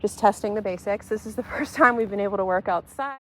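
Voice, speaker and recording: A woman dog trainer working a dog outdoors, calmly explaining her methods between sharp raised commands. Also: medium pitch, fast, a little hiss or hum.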